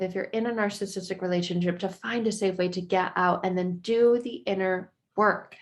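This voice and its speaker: A woman speaking earnestly to camera in an advice video, now and then acting out quick quoted exchanges. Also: lowish voice. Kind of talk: talking-head advice video.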